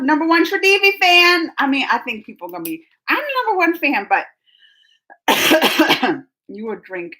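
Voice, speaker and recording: A woman's voice: high-pitched, pushed and bright. A woman, chatting on a livestream, laughing and calling viewers by name while her throat keeps catching and she coughs. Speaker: livestream host. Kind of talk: casual chat reading viewer comments.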